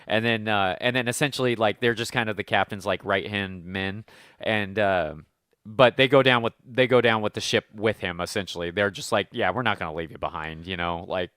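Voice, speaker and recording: A man talks through a film's plot in a rambling, casual way. He leans on fillers and acts out the characters' lines as he goes. His voice is clear and smooth, recorded dry. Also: fairly low pitch, normal speed, fairly bright tone, no room sound. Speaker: podcast co-host. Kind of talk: casual movie review chat.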